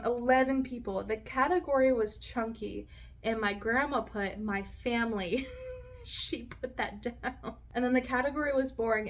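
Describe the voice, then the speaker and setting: A woman in her late twenties reading her teenage diary aloud, with chatty, giggly asides between entries. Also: a little high. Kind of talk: casual diary reading with commentary.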